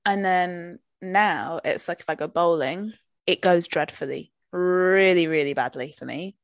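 Young woman, lowish voice, super expressive chat, dry close mic. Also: measured pace, no room sound. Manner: expressive, animated storyteller, gasps and laughs. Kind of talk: casual chat.

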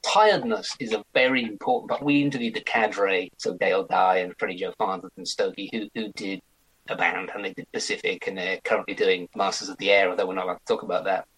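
A man in his forties, an actor chatting as an interview guest in an animated way. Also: deep voice, fast talker, slightly rough, low-quality recording. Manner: chatty, animated, slips into mock accents. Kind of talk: casual interview chat.

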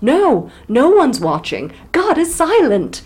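A woman's voice: sits high, wildly swooping pitch, takes it slowly, a little mellow. A woman co-hosting a casual book podcast, teasing her partner and then reflecting thoughtfully on the writing. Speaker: podcast co-host.

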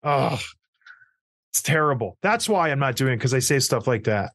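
A man's voice: mid-range voice, normal speed, dry recording, clean studio sound. A man in his thirties hosting a casual hockey talk show, ranting and acting out the people in his stories. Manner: animated, ranting storyteller who acts out quotes. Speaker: podcast host, former hockey player.

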